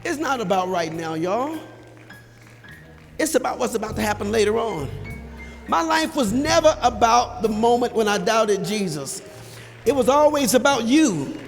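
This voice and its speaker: A male pastor giving a sermon altar call, urging the congregation to come forward with repeated calls that rise to shouting. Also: very high-pitched, animated, moderate pace, vocal fry. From Texas. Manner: rises to shouting at peaks. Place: large church sanctuary with balcony. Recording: live church sound with long reverb and soft music.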